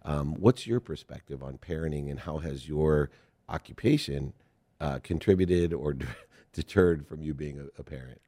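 A man's voice: very deep voice, moderate pace, warm tone. A middle-aged man from Ohio, hosting a podcast interview and telling rambling, earnest stories. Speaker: podcast host. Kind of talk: conversational interview.

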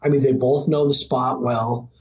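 A middle-aged man sits at an average pitch and tells a hunting tale in a loose, casual way, slipping into lively, excited quotes. The recording sounds a little dull, with a faint hiss underneath. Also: moderate pace. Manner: animated, breaks into excited quoting. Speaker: hunting guest. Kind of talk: casual storytelling.

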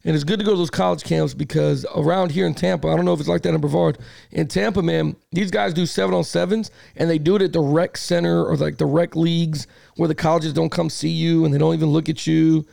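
A man hosts a casual sports podcast in a high, gravelly voice. He tells his stories with plenty of swearing and acts out both sides of each argument. The sound is dry and close. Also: fast talker, dry recording. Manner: animated storyteller, swears a lot, acts out arguments. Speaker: podcast host; youth football coach.

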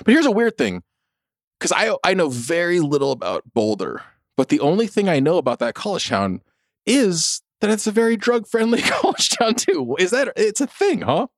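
A man's voice: high voice, wildly swooping pitch, normal speed, no echo, clean studio sound. A middle-aged man co-hosting a podcast, chatting casually, laughing often, swearing and stumbling over restarts. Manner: laughing, profane, stammering restarts. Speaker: podcast co-host. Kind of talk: casual chat.

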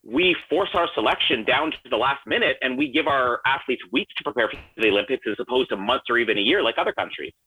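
A man's voice: medium pitch, expressive, fast talker, few pauses, sharp tone, slightly rough. A man co-hosting a casual sports chat, explaining at length in an earnest, rambling way. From Canada. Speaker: podcast co-host. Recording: dry, phone-like remote line.

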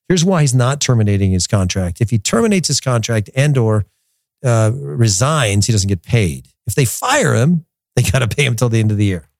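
A man's voice: mid-range voice, darkish tone, no echo, clean studio sound. A man from the United States hosting a soccer podcast, talking casually with opinions and frequent restarts. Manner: rambling, opinionated, repeats words while thinking.

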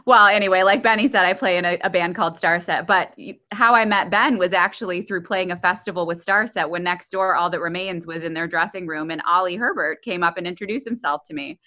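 A woman in her thirties co-hosting a casual podcast with a bright, clear tone. Her pitch sits a little low for a woman. She talks in an easygoing, amused way. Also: fairly quick, hardly any pauses. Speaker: podcast co-host, violinist. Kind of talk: casual chat.

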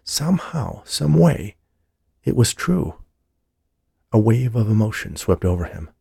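A man narrating an audiobook in a measured storytelling manner, close to the mic. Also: fairly low pitch, very animated, creaky, dark tone, breathy edge, no room sound. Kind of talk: scripted narration.

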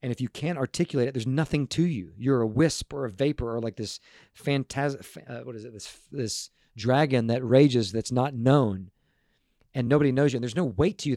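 A man speaking as a guest to a group, telling stories in an earnest, animated way and often restarting his words. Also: mid-range voice, brisk, dry recording, clean studio sound. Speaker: guest speaker on parenting and emotions. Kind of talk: casual storytelling talk to a group.

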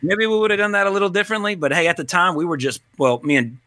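A man's voice: sits high, steady tone, racing, sharp tone, no echo, clean studio sound. A man hosting a podcast in casual, rambling chat, joking at his own expense. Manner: rambling, self-deprecating, joking. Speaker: podcast host.

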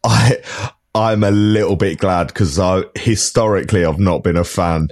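A man's voice: deep voice, normal speed, a little mellow. A Cockney man in his forties co-hosting a podcast in casual chat, laid-back and slangy with frequent laughs. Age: 40s. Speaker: podcast co-host.

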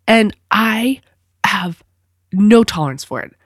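A woman in her thirties hosting a podcast, talking casually and with feeling, often laughing and jumping into high squeals. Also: normal speed, no room sound, clean studio sound. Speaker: podcast host. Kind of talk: casual monologue.

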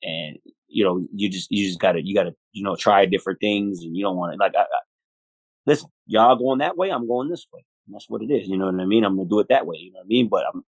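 A lower-voiced man from Buffalo talks about his music as an interview guest. He is animated and profane, keeps saying "you know what I mean," and acts out other people's voices. The sound is dry and close. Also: fast talker, no room sound, poor audio. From United States, Buffalo, New York. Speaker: hip hop artist, guest. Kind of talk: casual interview talk.

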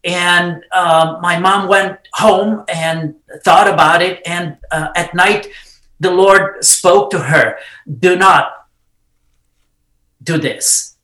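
A man's voice: sits high, fairly even intonation, bright, forceful tone, roomy sound. Fervent Romanian-accented older man. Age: around 60. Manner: fervent, preacher-like, deliberate. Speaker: immigration lawyer and podcast guest. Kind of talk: passionate conversational storytelling.

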